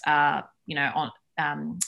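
A woman's voice: low-pitched, takes it slowly, vocal fry, highs cut off. A woman, a nutritionist chatting as a podcast guest and telling stories with lots of fillers. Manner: chatty, lively storytelling with many fillers. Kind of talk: casual chat.

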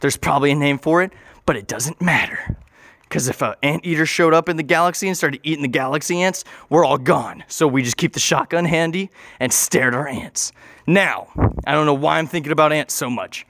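A man's voice: a little high, fairly quick, a bit bright, no echo. A young man telling a goofy, rambling improvised story, interrupting and correcting himself as he goes.

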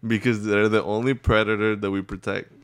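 A man co-hosting a casual podcast in a relaxed, chatty way, often laughing. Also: fairly low pitch, brisk, clean tone. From Texas. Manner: laid-back, says "bro" a lot, laughs often. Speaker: podcast co-host. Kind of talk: casual chat.

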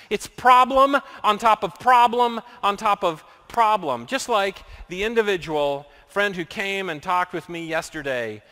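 High bright-voiced pastor preaching, earnest, piles up repeated phrases, big church echo. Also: male voice. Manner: earnest, builds points by repetition. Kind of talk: sermon. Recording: long reverb of a large hall.

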